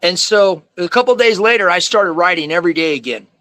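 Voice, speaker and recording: Man, higher voice, dry close sound, rambling casual storytelling. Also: a little fast, fairly bright tone, no echo. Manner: rambling, slangy, peppered with "man" and "like". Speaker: guest sharing a faith testimony.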